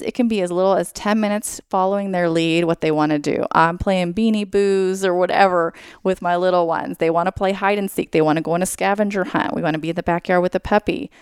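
A woman being interviewed as a school psychologist, talking casually and brightly, explaining ideas through everyday examples, with many "like"s and "you know"s. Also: lowish voice, clear, resonant tone, no echo, clean studio sound.

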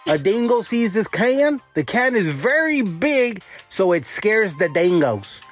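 A man's voice: high-pitched, very animated, a little slow, faint music behind, exaggerated voice. A man voicing a goofy male caller with a put-on Australian accent, leaving a rambling playful voicemail. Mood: hammy. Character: loud Aussie-cousin caller, male, goofy.

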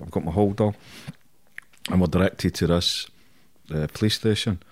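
A man's voice: deep voice, moderate pace, dry recording. A middle-aged man with a Scottish accent, telling stories as an interview guest in a blunt, sweary, chuckling way. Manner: blunt, heavy swearing, chuckles through anecdotes. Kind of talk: casual storytelling.

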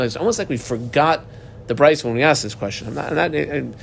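A man's voice: medium pitch, fast, creaky, a little hiss or hum. A man teaching a Talmud class, reading Aramaic lines aloud and then explaining them in plain English.

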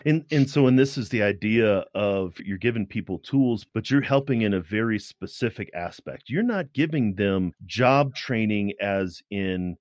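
A man in his fifties hosting an interview, measured as he frames his questions. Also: fairly low pitch, animated, a little mellow, no room sound, clean studio sound. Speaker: interview host. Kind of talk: conversational interview.

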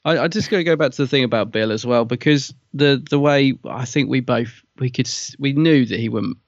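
A man chatting casually as podcast co-host, thinking aloud and often restarting his sentences. His voice sits at an ordinary pitch. The sound is dull and lo-fi, with a dry, close feel. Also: a little fast, no room sound. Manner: hesitant, conflicted, restarts often. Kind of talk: casual review chat.

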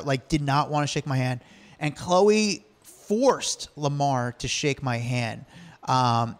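A man's voice: medium pitch, creaky. A man telling stories in a casual chat, acting out the lines he quotes and laughing often.

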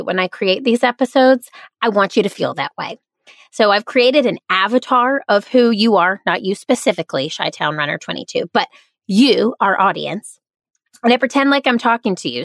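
A woman with a nasal twang and a Southern and Midwestern American accent, hosting her own podcast in an upbeat, playful way. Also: mid-range voice. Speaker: podcast host. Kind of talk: podcast host monologue.

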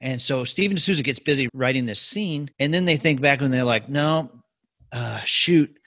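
A man co-hosting a casual talk show, telling behind-the-scenes stories with animated energy. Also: medium pitch, brisk. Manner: animated storyteller with lively swings. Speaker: podcast co-host. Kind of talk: casual chat about movie history.

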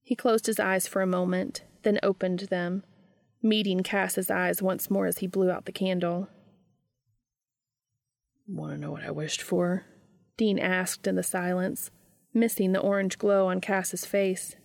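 A woman reading a story aloud in a calm, even storytelling manner, close to the mic. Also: mid-range voice, unhurried, no echo. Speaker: reader. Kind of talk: reading fan fiction aloud.

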